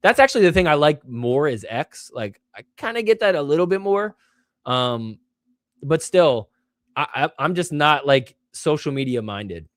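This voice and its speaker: A young man hosts a show, chatting solo in a casual, rambling way full of fillers and poking fun at himself. He's expressive at a moderate pace and acts out quoted fans in a higher voice. The studio sound is clean, with no room sound.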